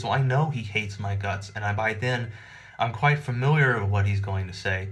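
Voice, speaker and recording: A man telling a personal story in a rambling, animated, profane, casual way. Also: mid-range voice, unhurried.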